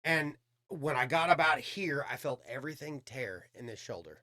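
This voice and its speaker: With a crowd audible in the background, a man with a mid-range voice speaks at a moderate pace. He's a podcast guest telling a long, casual story, cursing freely and animatedly acting out quoted dialogue.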